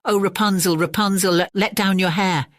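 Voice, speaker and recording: A woman's voice: medium pitch, fairly even intonation, moderate pace, no echo, studio quality, close to an everyday voice. A woman voicing a young, determined king's son in a storybook reading. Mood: resolute.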